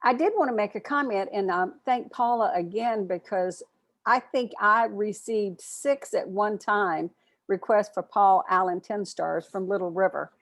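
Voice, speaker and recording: A woman's voice: medium pitch, unhurried, no room sound. A woman giving a short, earnest program presentation at an online club meeting, speaking in a friendly, plain way over a video call.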